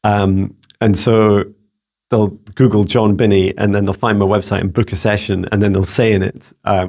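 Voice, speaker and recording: A man's voice: on the low side, little pitch movement, normal speed. A man and psychic mentor answering viewer questions in a rambling, casual way. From Scotland. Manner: warm-hearted, rambling, frequent restarts and fillers.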